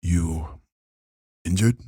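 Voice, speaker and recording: Gruff male troll as a game master voices him, guttural, halting broken words, low and quiet. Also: no echo, studio quality, full character voice. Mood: terse.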